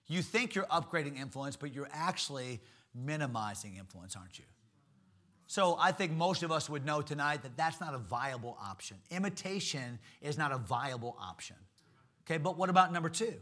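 High, bright-voiced male preacher. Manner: emphatic, repeats key words, asks rhetorical questions. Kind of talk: sermon.

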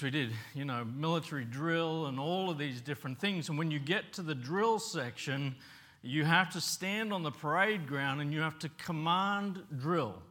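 A man's voice: a little high, sharp tone. A middle-aged man who grew up in Papua New Guinea, preaching a storytelling sermon in a conversational way and putting questions to the congregation.

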